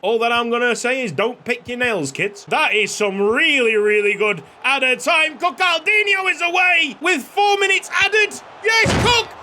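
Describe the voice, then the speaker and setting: Young guy calling his own football game, yells at goals, bright high voice, faint hiss. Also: normal speed, few pauses. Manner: excitable, shouting at goals, jokey asides. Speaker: gaming YouTuber. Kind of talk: excited gameplay commentary. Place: home recording room. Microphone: desk microphone.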